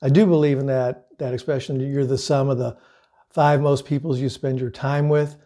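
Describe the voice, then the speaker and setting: Mellow-voiced man telling a sales lesson. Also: mid-range voice, little pitch movement, moderate pace. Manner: conversational, earnest, with casual fillers. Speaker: sales coach.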